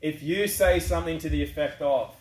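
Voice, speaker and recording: A man's voice: fairly high pitch, fairly quick. A man speaking as a guest to an assembly, answering questions from the floor in a plain-spoken way. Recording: echoey hall from far off, faint noise.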